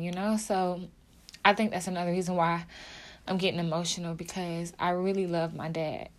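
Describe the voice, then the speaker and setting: A young woman talking to her viewers about her faith, emotional and heartfelt, casual with many fillers and repeats. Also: on the low side. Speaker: video creator. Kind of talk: emotional personal faith talk to camera.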